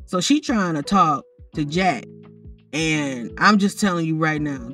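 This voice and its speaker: A woman's voice: low-pitched, expressive, unhurried, fairly bright tone, recorded from a distance, faint music behind. A woman casually narrating a life-simulation story, chatty and teasing, often talking straight to the characters. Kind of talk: casual commentary over gameplay footage.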